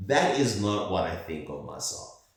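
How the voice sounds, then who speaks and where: A South African-born man vlogging in an earnest, rambling monologue with pauses. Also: low voice, sing-song. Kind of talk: casual monologue to camera. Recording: very echoey, far from the mic.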